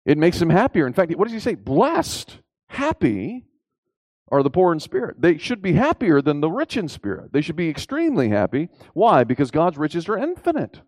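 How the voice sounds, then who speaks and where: A man preaching a sermon emphatically, asking rhetorical questions and rising in pitch on key points. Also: sing-song, brisk, few pauses, a little mellow, dry recording.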